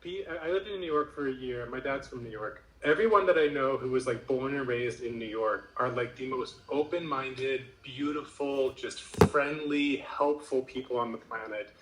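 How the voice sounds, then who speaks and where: A man's voice: medium pitch, normal speed, hardly any pauses, a bit bright, reverberant, slight background noise, low-quality recording. An American man in a casual conversation, telling a rambling story full of fillers and restarts. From United States. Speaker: HR professional guest.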